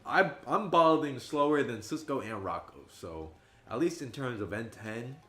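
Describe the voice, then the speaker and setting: An animated young man in his twenties, talking casually as he streams a game. His voice sits at an ordinary middle pitch, and he leaps up high and loud whenever he quotes his friends. The room gives the sound a roomy echo. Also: normal speed. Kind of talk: casual livestream chat.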